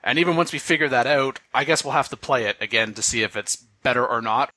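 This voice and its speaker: A man hosting a podcast, reading out notes and commenting on them in a measured, wry way. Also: medium pitch, bright, forceful tone, no echo. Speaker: podcast host. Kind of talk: casual game discussion.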